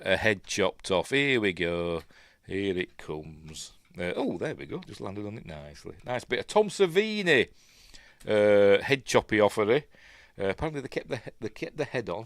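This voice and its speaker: A man's voice: sits low, no echo. A Yorkshire man hosting a film review stream, chatting in a rambling, self-deprecating way. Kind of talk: casual livestream commentary.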